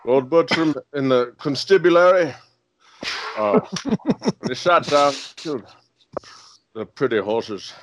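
A man in a comedy game voicing a sleepy, rambling detective with a Scottish-tinged accent who keeps losing his thread. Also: fairly high pitch. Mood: drowsy. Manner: drowsy, halting, loses his thread. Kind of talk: improvised comedy impression.

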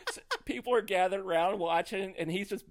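A middle-aged man, a comedian guest on a podcast, telling a story in an animated, laughing way. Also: sits high, brisk.

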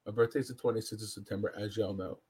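A man co-hosting a podcast, telling stories in casual chat, cursing often, slangy and animated. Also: on the low side, fast, slightly rough. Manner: profane, animated storytelling with slang. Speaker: podcast co-host.

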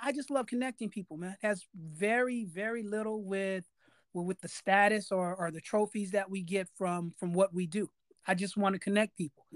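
A man's voice: high-pitched, no room sound. A man hosting a podcast interview, talking emphatically in a casual way and repeating key phrases for weight. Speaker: podcast host.

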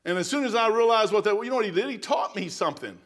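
A man's voice: high voice, expressive, fast, a bit bright. A middle-aged man preaching a sermon in a folksy, emphatic storytelling manner.

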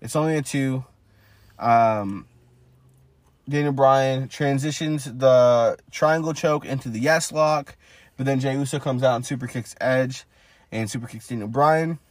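A man's voice: medium pitch, unhurried, no echo. A man co-hosting a casual wrestling podcast, recapping matches blow by blow with many fillers. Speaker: podcast co-host.

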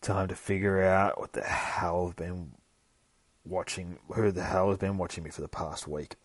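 Man reading as a manic, swearing young man, low voice, dry sound. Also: fairly even intonation, moderate pace, dry recording. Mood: furious. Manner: swearing, hostile outbursts.

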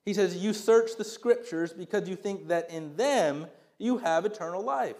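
A man's voice: sits high, moderate pace, a little mellow. A man preaching a sermon as a pastor, reading verses and explaining them in a conversational, emphatic way with rhetorical questions.

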